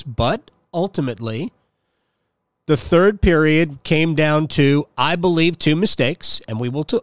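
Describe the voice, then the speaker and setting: A man's voice: on the high side, no echo, clean studio sound. A man hosting a sports podcast, giving a blunt, opinionated monologue with sarcastic jabs at his listeners. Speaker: podcast host.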